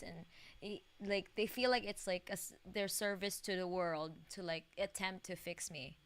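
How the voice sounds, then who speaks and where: A woman's voice: medium pitch, normal speed, a bit bright, smooth, dry recording. A young woman streaming a video game, chatting casually in a rambling way, full of fillers and swearing and laughing often. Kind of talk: casual live-stream gaming chat.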